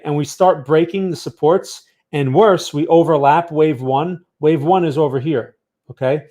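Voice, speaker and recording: A man hosts a live market analysis stream for a trading channel, sounding chatty yet tired. He reads viewer chat aloud and often asks "right?", speaking close to a studio microphone in a voice on the high side with a dark tone.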